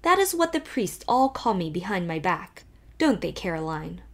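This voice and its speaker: A woman voicing a sharp-tongued, coolly teasing old rich great-aunt in an audiobook. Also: lowish voice, sing-song, moderate pace. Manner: cool, blunt, mocking.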